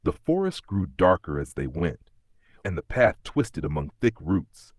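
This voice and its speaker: A man narrating a fairy tale in a calm storybook manner. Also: sits low, a little slow, dry recording, studio quality. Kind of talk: scripted narration.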